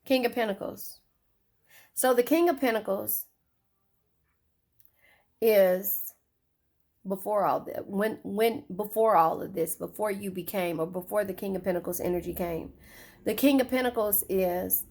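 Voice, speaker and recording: A woman's voice: medium pitch, a little slow, long pauses, a little mellow. A woman giving a casual tarot reading, chatty and swearing, often repeating her phrases. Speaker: tarot reader.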